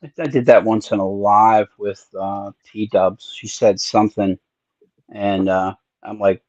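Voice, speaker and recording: A man's voice: lowish voice, fairly even intonation, unhurried, darkish tone, no echo. A man hosting a casual live-stream chat, joking around playfully. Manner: playful, jokey. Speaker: channel host. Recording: dull, muffled audio.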